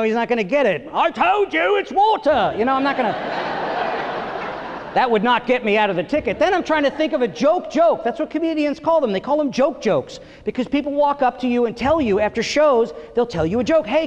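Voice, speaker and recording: A middle-aged man performing a stand-up comedy set on stage, telling stories and acting out voices with big jumps in pitch. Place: theater stage before a live audience. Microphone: stage microphone. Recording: live theater recording with long reverb.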